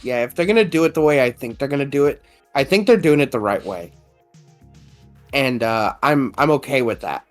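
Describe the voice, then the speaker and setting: A man co-hosting a casual podcast chat, excitable and rambling, laughing often and swearing freely. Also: medium pitch, a little fast, soft background music. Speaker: podcast co-host.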